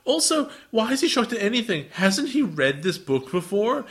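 A man's voice: high voice, very animated, moderate pace, a bit bright. A man co-hosting a casual chat, making sarcastic, jokey quips. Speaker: podcast co-host.

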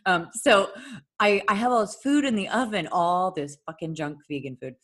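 A woman telling a long story in casual chat, animated, swearing freely and laughing often. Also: mid-range voice, normal speed.

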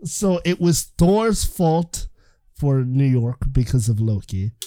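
A podcast co-host in casual chat, giving calm matter-of-fact corrections with giggles. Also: medium pitch, slow, no echo.

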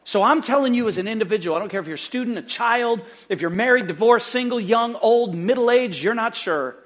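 A middle-aged man preaching a sermon as lead pastor, fervent and emphatic, repeating key phrases and swinging from loud excited bursts to quiet asides. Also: fairly quick. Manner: fervent, emphatic repetition, rising to excited outbursts then dropping low.

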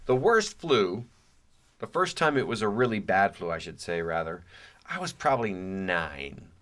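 A middle-aged man with a fairly low voice talks casually and reflectively, as if in conversation with listeners. He drops in dry, self-mocking asides between his thoughts. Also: sing-song, unhurried, a bit bright. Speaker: podcast host. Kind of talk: casual monologue.

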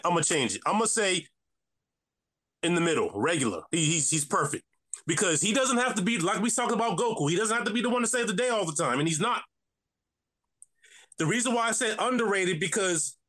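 A podcast co-host talking casually. He is a man with a high voice. He hesitates, restarts, and revises his opinion as he goes. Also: fairly bright tone. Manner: hesitant, changes his mind mid-thought. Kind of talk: casual chat.

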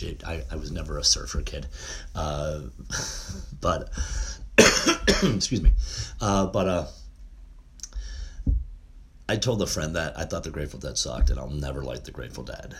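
A man's voice: extremely low pitch, a little slow, pauses often. A middle-aged man talking casually and at length, rambling with frequent "uh" fillers and restarts. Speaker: music fan reminiscing. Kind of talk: casual monologue.

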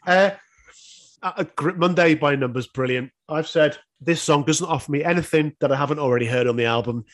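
A man's voice: on the high side, a little fast. A man in his thirties co-hosting a podcast, chatting casually and swearing now and then, laughing often as he reviews an album. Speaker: podcast co-host.

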